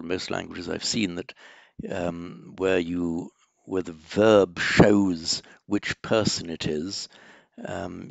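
A man teaching a Sanskrit lesson, thinking aloud with frequent ums and restarts and slowing down to spell out words. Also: deep voice, creaky, no echo. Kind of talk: classroom lesson walking through exercises.

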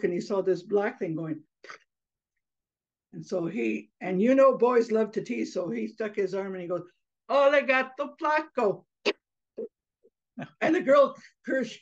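A woman telling a children's story in an expressive oral storytelling style, slipping in Spanish phrases. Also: medium pitch, husky. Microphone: video call. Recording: slightly muffled online video call.

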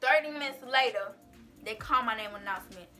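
A woman vlogger telling a school story in a casual, animated, sassy way, full of "like" and "baby". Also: fairly high pitch, brisk, soft background music.

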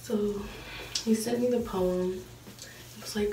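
Teenage girl, casual storytime, chatty and exasperated, mellow voice, roomy echo, slightly distant mic. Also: medium pitch, fairly even intonation, measured pace. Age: late teens. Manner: chatty, laughing, exasperated retelling. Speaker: vlogger. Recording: echoey room, mic a bit far off, faint hiss.

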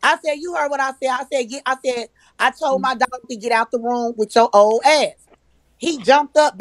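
A woman's voice: high-pitched, moderate pace, no echo, low-quality recording. A woman telling a heated personal story, emphatic and profane, acting out the arguments she quotes. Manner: profane, repetitive. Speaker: live-stream guest.

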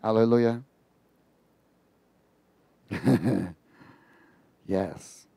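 A man preaching an informal sermon on a psalm in an animated, mocking way, laughing at his own asides. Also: lowish voice, very slow, creaky, breathy edge, no echo.

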